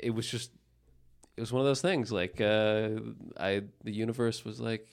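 A man hosting a casual interview podcast, joking and tossing in quick interjections. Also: lowish voice, fairly even intonation, clear, resonant tone. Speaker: podcast host. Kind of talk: casual interview, reads ad spot.

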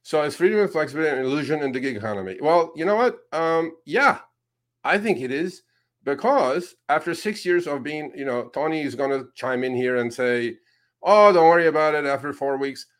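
Male co-host, rideshare driver; animated sarcastic rant, somewhat raised pitch, loose casual delivery. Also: a little fast. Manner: ranting, sarcastic, frequent fillers and restarts.

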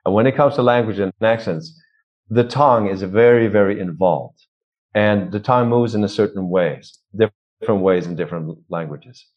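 Low-voiced Swedish-accented man coaching. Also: normal speed, dull audio. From Sweden. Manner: animated, demonstrates sounds aloud. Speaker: vocal coach. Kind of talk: interview guest, explaining.

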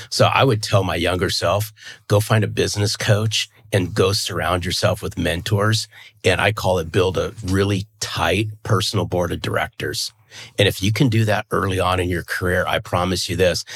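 Brief: fifties man, very low husky voice, earnest, emphatic guest. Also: fairly bright tone. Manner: earnest, emphatic, repeats words as he restarts. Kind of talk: conversational interview.

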